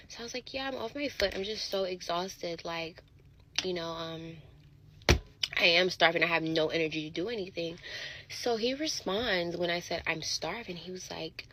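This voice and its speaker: Animated woman telling a dating story. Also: on the low side, moderate pace, a little hiss or hum, low-quality recording. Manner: animated, swearing, acts out quotes.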